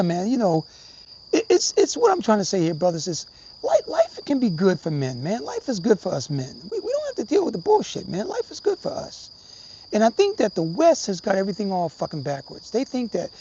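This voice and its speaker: A man's voice: high-pitched, dark tone. A middle-aged man talking casually and profanely to his viewers, rambling and calling them brothers. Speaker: livestream host. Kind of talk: casual livestream talk. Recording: slightly dull, faint background hiss.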